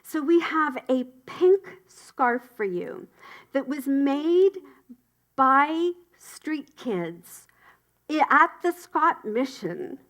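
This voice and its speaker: Woman announcer for a spiritual community gathering: high, bright voice, unhurried delivery, warm cheering enthusiasm. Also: very animated. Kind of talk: upbeat church announcements.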